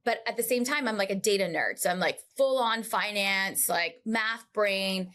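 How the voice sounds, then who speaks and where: A woman guest on a podcast, telling her story in a casual, animated, chatty way full of asides. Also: mid-range voice, normal speed.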